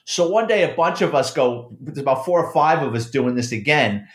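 A middle-aged man, a former police officer and author, telling a profane, animated story in casual conversation. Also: medium pitch, normal speed. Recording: roomy echo.

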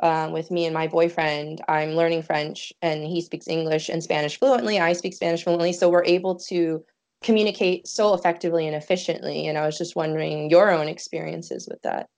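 Chatty woman telling stories, voice on the low side, acts out what people said. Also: steady tone, brisk, darkish tone. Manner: chatty, tells anecdotes with quoted dialogue. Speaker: conversation partner. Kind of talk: casual chat. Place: Montreal.

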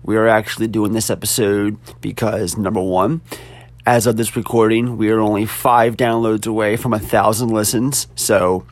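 A man in his thirties, a podcast host speaking sincerely and casually to his daughter, slightly halting at times. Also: on the low side, little pitch movement, no room sound. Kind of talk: heartfelt birthday message and casual podcast chat.

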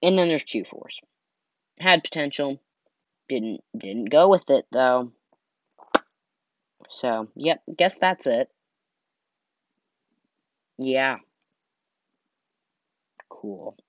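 A man's voice: mid-range voice, expressive, extremely slow, pauses often. A tired young man chatting loosely on his own podcast, rambling and saying "like" a lot. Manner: rambling, heavy use of "like", trails off. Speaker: solo podcaster. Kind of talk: casual rambling chat. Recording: dull lo-fi dry recording.

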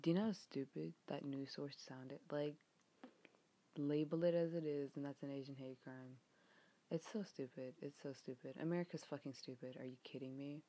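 A young American woman ranting in a frustrated, exasperated way, swearing often, her voice getting a bit hoarse. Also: low voice, steady tone, brisk, mellow. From United States. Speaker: vlogger. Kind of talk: rant vlog.

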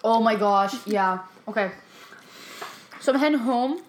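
A woman telling a story in casual chat, relaxed and chatty, often checking in with "right?". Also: fairly high pitch, measured pace, roomy sound, a little hiss or hum.

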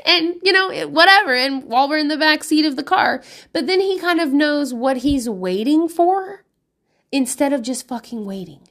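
A woman's voice: high-pitched, animated, normal speed, fairly bright tone. A woman in her thirties, a mother of five, giving candid parenting advice in a casual monologue, swearing freely and laughing often.

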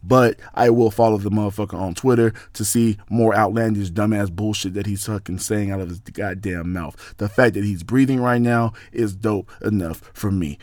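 A man's voice: fairly even intonation, brisk, few pauses, a little mellow, dry recording, clean studio sound. A young man hosting a casual podcast, ranting in a rambling, profane way. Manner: profane, rambling, jumpy pitch. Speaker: podcast host. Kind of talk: casual rant monologue.

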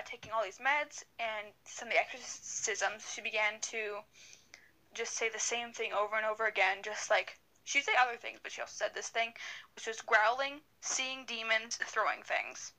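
Young woman podcast co-host, bright and a bit high, chatty and rambling, on a video call. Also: poor audio. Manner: rambling, many fillers and restarts. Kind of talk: casual storytelling chat.

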